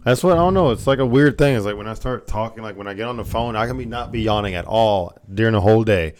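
A man's voice: lowish voice, fast talker, slight background noise. A man, co-hosting a casual podcast chat, drawling and yawning as he talks until he runs out of breath. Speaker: podcast co-host.

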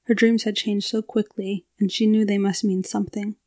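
Brief: woman storyteller, flat steady delivery, mellow darker tone, reads prose narration. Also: mid-range voice, moderate pace.

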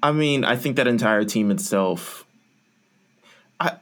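A man's voice: medium pitch, measured pace, fairly bright tone. A man co-hosting a casual wrestling podcast, speaking in an earnest, critical way and often restarting his sentences. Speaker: podcast co-host.

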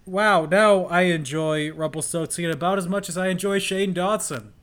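A man on a casual podcast speaks in a fairly high voice for a man. He makes dry, teasing remarks and drops in quick asides between the other speakers. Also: a bit bright. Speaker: podcast co-host. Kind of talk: casual chat.

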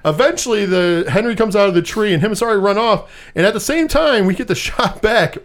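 A man co-hosting a podcast, casually recapping a movie in animated style, swearing freely and acting out the characters' lines. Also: high-pitched, fairly quick. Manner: animated, swears often, acts out quotes.

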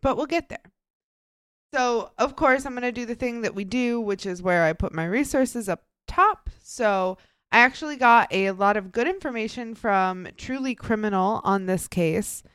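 Chatty woman with a smooth, crisp voice. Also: fairly high pitch, normal speed, a bit bright, no room sound. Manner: chatty and upbeat, heavy on fillers like "so" and "super". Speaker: podcast co-host presenting the case. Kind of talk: casual true crime podcast chat.

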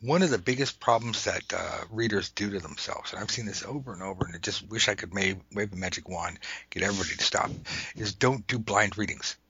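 A man hosting a tarot lesson in casual chat, animated and irreverent, swearing and slipping into whispered asides. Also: on the low side, fairly quick, slightly rough. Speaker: tarot teacher and podcast host. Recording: dull lo-fi recording.

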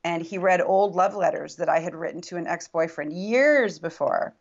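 A woman's voice: fairly low pitch, moderate pace, dull audio. A woman guest recounting a personal story in earnest, reflective casual conversation. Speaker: podcast guest.

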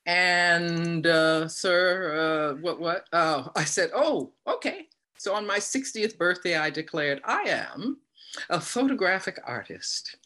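An older woman, a guest on an interview podcast, telling stories in a lively, laughing way. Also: on the low side, slow. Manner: lively, laughing, animated storyteller. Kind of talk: casual interview.

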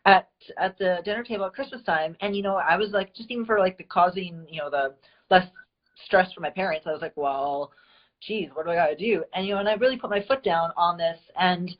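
A woman's voice: lowish voice, fast talker, highs cut off. A woman from the United States hosting a live stream, talking in a gushing, heartfelt way with many fillers. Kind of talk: casual live-stream chat.

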